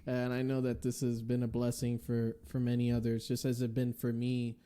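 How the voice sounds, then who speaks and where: A man's voice: medium pitch, monotone, normal speed, mellow, smooth. A man from the Northeastern US hosting a podcast, talking in an enthusiastic, casual way with many fillers and closing with a blessing. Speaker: podcast host. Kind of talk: casual interview chat.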